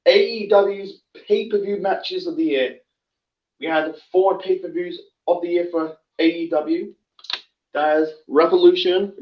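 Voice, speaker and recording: A man hosting a casual awards rundown. He rambles, corrects himself often and fills gaps with "you know" and "um". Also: fairly high pitch. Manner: rambling, self-correcting, many fillers. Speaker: host. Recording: roomy, distant, dull lo-fi sound.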